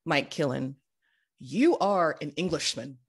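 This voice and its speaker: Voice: medium pitch, expressive, measured pace, husky. A podcast host interviewing a guest in a playful, casual way, laughing often.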